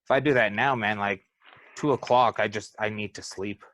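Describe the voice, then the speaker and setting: A man's voice: on the low side, fairly even intonation, moderate pace, a bit bright. A man co-hosting a podcast who talks in an easygoing, matter-of-fact way in casual chat. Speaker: podcast co-host.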